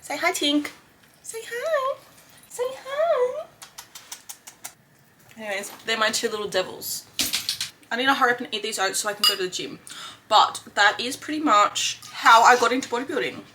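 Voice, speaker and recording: A woman's voice: fairly high pitch, quick pace, noisy background. A woman in her twenties with an Australian accent, chatting casually and upbeat in a vlog, full of slang and fillers. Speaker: fitness vlogger.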